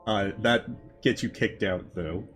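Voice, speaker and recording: A man with a fairly low voice talks through a game in a loose, rambling way, full of "uh" and "like". Quiet music sits faintly underneath. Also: takes it slowly. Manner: rambling, hesitant, many fillers. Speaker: let's play host. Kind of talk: casual gameplay commentary.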